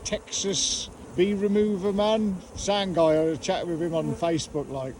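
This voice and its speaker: A man's voice: high-pitched, little pitch movement, moderate pace, a little mellow, slight background noise. Black Country man, jokey banter on the job, light outdoor buzz. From Black Country, England. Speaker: bee removal worker. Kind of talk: casual chat while working.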